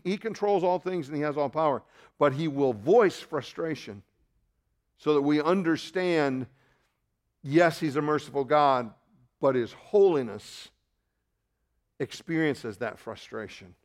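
A man preaching a sermon as pastor, shifting between loud emphatic rises and quiet asides, with self-deprecating remarks and restarts. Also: mid-range voice, lively intonation, a little slow.

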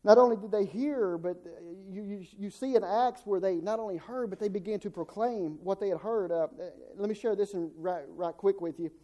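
Folksy preacher man with a high, dark voice. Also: a little fast, hardly any pauses. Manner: folksy, repeats words and restarts, acts out quotes. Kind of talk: sermon.

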